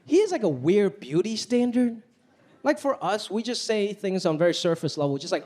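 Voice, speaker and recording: Animated high-voiced male stand-up comic. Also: normal speed. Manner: animated, punchy delivery with voice impressions. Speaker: stand-up comedian. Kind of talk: stand-up comedy set. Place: stage in front of a live audience. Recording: noisy live stand-up recording.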